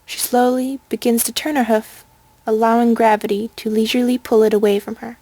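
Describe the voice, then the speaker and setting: A woman reading a storybook aloud in an even, measured way. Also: on the high side, no room sound. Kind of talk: storybook narration.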